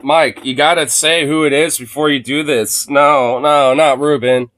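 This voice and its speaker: A man's voice: fairly high pitch, fairly even intonation, a little slow, a bit bright, no room sound. A man streaming live, reacting to clips with casual, profane, mocking commentary and frequent laughter.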